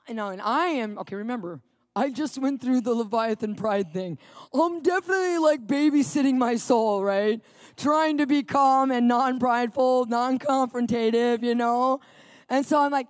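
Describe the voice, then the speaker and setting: A middle-aged woman preaching and telling a lively personal story, acting out the people in it. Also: high-pitched, moderate pace, dry recording, clean studio sound. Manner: animated storytelling, acting out quotes.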